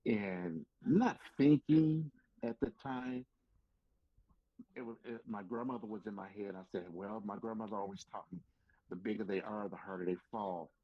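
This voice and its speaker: A man's voice: on the low side, normal speed, no echo. A man, a pro wrestler guest on a podcast, telling stories animatedly and acting out what people said, with casual swearing. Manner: animated storyteller who acts out quotes, swears casually. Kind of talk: casual storytelling interview. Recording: slightly dull lo-fi podcast audio.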